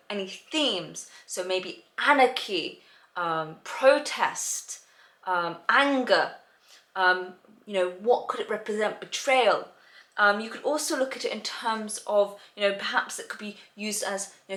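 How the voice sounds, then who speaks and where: A woman's voice: medium pitch, a bit bright. A woman tutor explaining to parents how to prepare children for reading exams, talking in a chatty way full of "um" and "you know". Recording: roomy echo.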